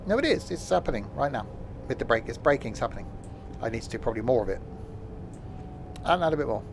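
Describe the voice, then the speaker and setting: A man's voice: medium pitch, lively intonation, fast talker, vocal fry, background noise. Rambling man streaming a train sim. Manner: rambling, self-mocking, lots of fillers. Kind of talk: live gameplay commentary.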